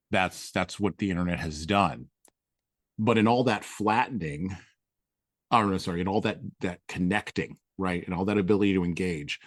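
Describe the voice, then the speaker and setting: A man with a low voice co-hosts a podcast and shifts between reading from a book and thinking aloud. The sound is dry and close, and he circles back over his own phrases as he talks. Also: no echo. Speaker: podcast co-host. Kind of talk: reading aloud and casual commentary.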